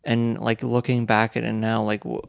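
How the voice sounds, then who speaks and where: A young man hosting a casual podcast interview, asking slow, halting questions full of fillers. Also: lowish voice, completely flat delivery, gravelly, clean tone, dry recording, studio quality. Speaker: podcast host.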